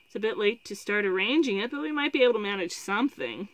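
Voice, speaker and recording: A woman's voice: medium pitch, expressive, fast, natural voice. A woman reading a mild king father.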